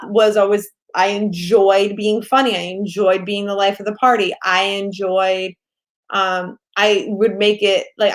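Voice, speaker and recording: A woman business coach giving a casual course lecture, loud and excitable, swearing freely and laughing often. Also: mid-range voice.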